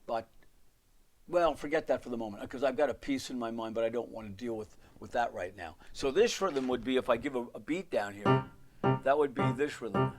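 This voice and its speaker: A man's voice: medium pitch, a little fast. A man teaching piano in a live online lesson, counting beats and singing rhythm syllables as he explains, with rambling asides. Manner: counts and sings rhythms aloud while playing, rambling asides.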